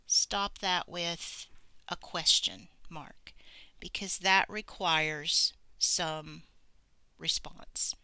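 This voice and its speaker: A woman teaching a grammar lesson in a slow, unhurried way. Her voice is bright and smooth, sitting a little low. She explains deliberately and acts out example sentences as she goes. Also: fairly even intonation, no echo.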